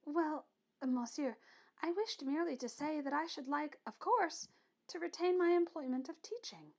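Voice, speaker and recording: A shy young woman pupil with a soft, hesitant, earnest voice, sometimes lapsing into French, as a woman reader plays her. She speaks higher and lighter than the narration. It is a classic storybook reading. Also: moderate pace. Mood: hopeful. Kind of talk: audiobook reading of a classic novel.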